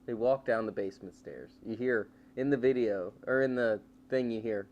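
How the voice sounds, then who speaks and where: A man co-hosting a casual comedy podcast, telling a story in an animated way and acting out the voices. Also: medium pitch, moderate pace, muffled recording. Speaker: podcast co-host.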